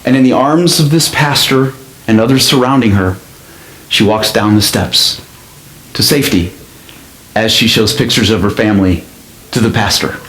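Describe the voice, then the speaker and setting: A male pastor telling a story in a sermon, with an expressive delivery that speeds up and slows down. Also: lowish voice, a little hiss or hum. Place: church sanctuary. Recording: echoey church sanctuary.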